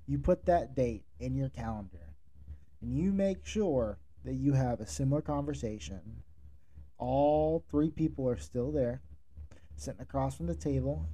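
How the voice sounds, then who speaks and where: A man with a deep, very mellow voice hosts a podcast and coaches listeners. His delivery is direct and instructive. He sounds like a manager passing on hard-won advice. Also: normal speed. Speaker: podcast host, restaurant manager. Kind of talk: solo podcast monologue giving advice.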